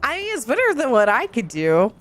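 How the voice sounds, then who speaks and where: A woman's voice: a little high, huge pitch swings, brisk. A woman streamer chatting casually while she plays a video game, giggly and chatty as she reads and answers her chat.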